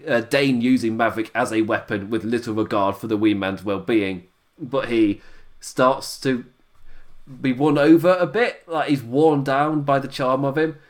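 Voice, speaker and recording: A young adult man hosting a podcast, chatting casually through a review, rambling and chuckling often between thoughts. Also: medium pitch. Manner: rambling, laughs often, restarts sentences. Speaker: podcast host reviewing a show.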